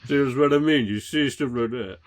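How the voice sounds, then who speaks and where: A man co-hosting a comedy podcast, riffing fast, laughing and stammering as he slips into silly voices. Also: medium pitch. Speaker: podcast co-host. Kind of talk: casual comedic chat.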